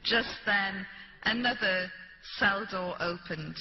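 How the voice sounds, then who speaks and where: A woman's voice: medium pitch, takes it slowly. A British woman speaking to an audience, telling a first-person story and acting out the people she quotes. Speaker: public speaker. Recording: dull, echoey hall recording with light hiss.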